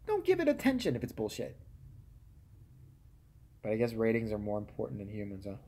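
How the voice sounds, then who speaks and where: A man hosting a live stream, ranting casually and profanely, jumping from loud outbursts to muttered asides. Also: on the low side, huge pitch swings, fairly quick, gravelly.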